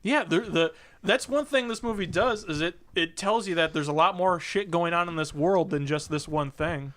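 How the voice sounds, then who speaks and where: A man co-hosting a casual movie podcast, retelling scenes with animated quoted lines and frequent laughter. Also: fairly high pitch, moderate pace. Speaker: podcast co-host. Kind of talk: casual movie recap chat.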